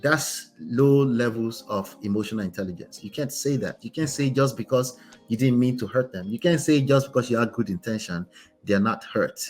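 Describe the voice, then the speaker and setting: Male host, conversational coach tone, mid-pitched, soft music bed. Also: normal speed. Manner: conversational, keeps asking "right?", emphatic. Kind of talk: casual commentary on a reader's story.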